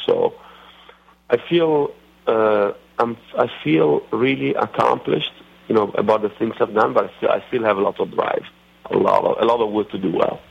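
A middle-aged man with an Italian accent, talking as a guest in a radio interview, halting and full of fillers and restarts. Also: lowish voice, gravelly, breathy edge. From Italy. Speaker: racing driver guest. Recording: muffled lo-fi radio sound.

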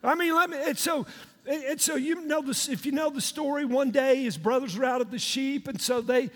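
A pastor, telling the story in an animated, joking, slangy way and doing voices. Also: male voice, extremely high pitch, a little fast. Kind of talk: sermon retelling a story. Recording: long hall reverb.

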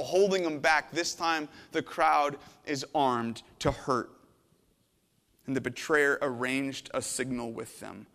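Male pastor, slightly high voice, dramatic sermon retelling with loud-to-hushed swings, echoing church hall. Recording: long hall reverb.

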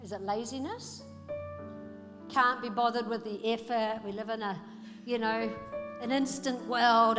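Preacher: high-voiced woman, exhorting sermon, long hall reverb, music behind. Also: measured pace, pauses often. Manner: exhorting, rhetorical questions. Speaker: pastor. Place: church hall.

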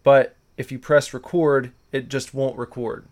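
A man's voice: mid-range voice, flat delivery, unhurried, a little mellow. A man co-hosting a podcast, chatting loosely and rambling with fillers. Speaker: podcast co-host. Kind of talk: casual podcast chat.

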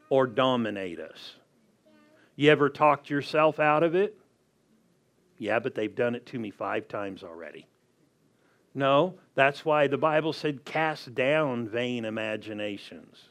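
Male pastor, unhurried sermon delivery, scripture readings, rhetorical questions. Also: mid-range voice. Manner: slow, deliberate preaching with scripture reading.

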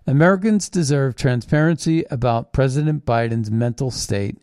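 A man's voice: mid-range voice, normal speed, darkish tone, clean tone, dry recording, clean studio sound. A man hosting a political commentary show, reading news items and reacting in a blunt, scornful, combative way. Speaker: host.

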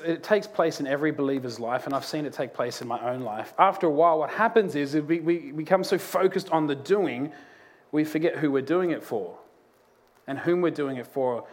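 A man preaching from a church stage, his voice sitting a touch higher than most men's. He tells stories in a lively, animated way and laughs his way through the funny parts. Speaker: pastor. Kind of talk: sermon with a humorous story. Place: church auditorium.

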